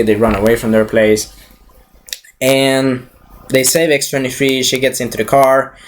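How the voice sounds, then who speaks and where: A man's voice: medium pitch, a little hiss or hum. A man giving a casual, rambling movie recap, swearing freely, correcting himself as he goes and acting out the scenes. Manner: restarts and self-corrections. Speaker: movie reviewer.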